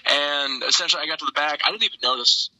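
A man's voice: a little high, quick pace, pushed and bright, dry recording, rough recording. A young man, a wrestler being interviewed, tells stories casually in a laid-back, profane way and laughs often. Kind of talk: casual storytelling.

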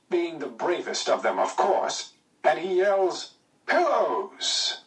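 A man's voice: a little high, distant mic, rough recording. Man voicing a joking young pilot. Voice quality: brisk, teasing, dry wit. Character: cheerful young Englishman, wartime pilot, joking. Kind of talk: audiobook character voice.

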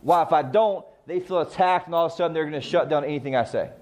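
This man's voice is a little high and a little mellow, and he speaks fast. He's a sales trainer coaching real estate agents on client communication, emphatic and full of self-answered rhetorical questions.

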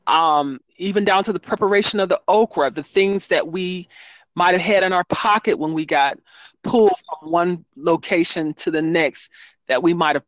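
A woman's voice: lowish voice, no echo. A woman author talking casually in an interview, rambling with frequent ums and self-corrections. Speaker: children's book author, guest.

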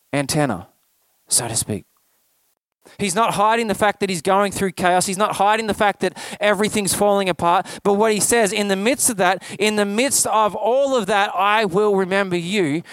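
A man with a high voice preaches a casual, conversational sermon in a dry, close-sounding recording. He slips in joking asides and slows down when he reads scripture. When he explains, he often repeats himself and restarts phrases. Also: no echo. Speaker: pastor.

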